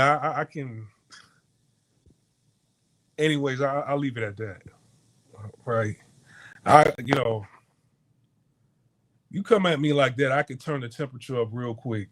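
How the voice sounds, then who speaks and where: A man's voice: mid-range voice, slow pace, pauses often. A man hosting a casual podcast monologue, rambling through a story with frequent restarts and stammers, acting out the lines of the people he quotes. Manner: animated retelling with acted-out quotes. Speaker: podcast host. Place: hotel abroad.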